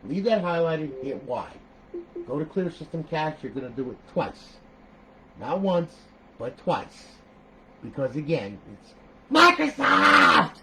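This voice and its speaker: A man walking viewers through a modded game console setup in a casual, talky tutorial, checking in with "okay?" after nearly every step and breaking into animated outbursts. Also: a little high, a little slow, background noise. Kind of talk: casual screen-recorded tutorial.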